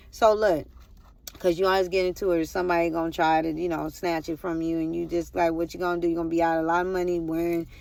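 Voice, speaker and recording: A woman's voice: on the low side, creaky, darkish tone. A woman vlogger telling a personal testimony in a rambling way, repeating herself and talking straight to her viewers.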